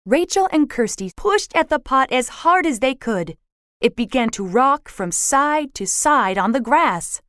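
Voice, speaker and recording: A woman reading a children's storybook aloud, slow and expressive. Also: high-pitched, dry recording, studio quality.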